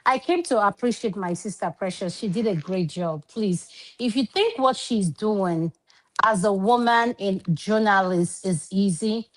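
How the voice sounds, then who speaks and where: A woman's voice: medium pitch, a little slow, poor audio. A Nigerian woman moderator on an online panel, chatty and assertive. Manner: assertive and chatty, pleading then scolding.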